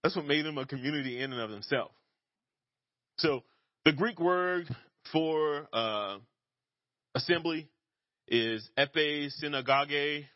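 A man preaching a relaxed, conversational sermon, joking and laughing at himself as he teaches. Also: mid-range voice, no room sound, dull audio. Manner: casual and self-deprecating, laughs at himself.

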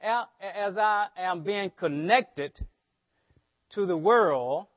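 A man's voice: high voice, takes it slowly, no room sound. A man preaching a sermon as pastor, often asking the congregation rhetorical questions. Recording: dull lo-fi sermon audio.

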